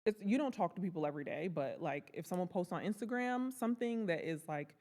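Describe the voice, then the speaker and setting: A woman's voice: fairly low pitch, expressive, a little fast. A woman co-hosting a podcast, talking in a casual, earnest and reflective way about friendship and grief. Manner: earnest, reflective, drops to soft tones on grief. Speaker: podcast co-host. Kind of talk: casual heartfelt chat. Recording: echoey room with long reverb.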